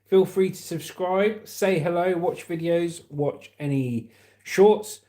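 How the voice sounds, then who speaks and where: A man's voice: high voice, slow pace, mellow. Chatty British man hosting a livestream. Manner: chatty, jokey, reads comments aloud. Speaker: livestream host. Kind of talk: casual live chat reading comments.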